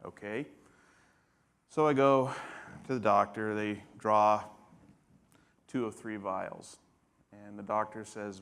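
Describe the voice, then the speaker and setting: A man's voice: fairly low pitch, fairly even intonation, takes it slowly, long pauses, a bit bright, clear, resonant tone. A man in his fifties, a patient, telling his story casually on stage, with humor and acted-out quotes of others. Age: 50s. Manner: casual, humorous, acts out others' lines in dialogue. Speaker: patient guest. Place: conference stage.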